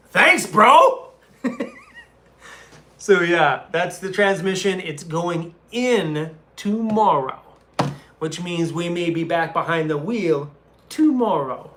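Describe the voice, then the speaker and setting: A man hosting a casual live stream from a hotel room, chatting with viewers and reading their comments in a laid-back, chummy way. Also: on the high side. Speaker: van-life YouTuber hosting a live stream. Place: hotel room, seated on a small chair.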